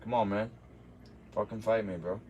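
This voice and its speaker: A man's voice: lowish voice, steady tone, normal speed, a little mellow, muffled recording, a little hiss or hum. Brash trash-talking man. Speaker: martial arts streamer. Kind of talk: livestream talking back to chat. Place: home kitchen.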